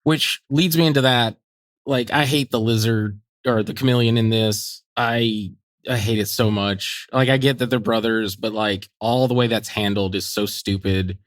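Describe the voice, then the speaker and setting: A man's voice: lowish voice, normal speed, no echo, clean studio sound. A man co-hosting a movie podcast, talking casually and animatedly, laughing as he mocks lines from the film. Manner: animated, laughing, mocking quotes. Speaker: podcast co-host. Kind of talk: casual movie review chat.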